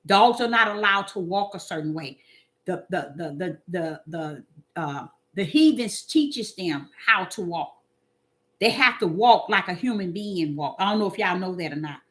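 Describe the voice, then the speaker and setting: A woman giving animated, preachy casual commentary to her viewers, often repeating words and using fillers. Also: fairly low pitch, normal speed.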